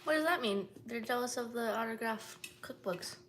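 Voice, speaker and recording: A woman's voice: on the high side, moderate pace, fairly bright tone. A woman chiming in casually with short remarks while someone cooks. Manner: casual and offhand, brief interjections. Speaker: helper bringing groceries. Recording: echoey room with faint noise.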